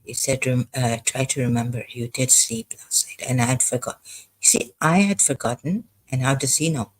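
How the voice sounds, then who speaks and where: A frightened vlogger, telling a personal story in a hesitant, halting way full of pauses and false starts. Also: medium pitch, rough recording. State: frightened, unsettled. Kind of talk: personal confessional monologue.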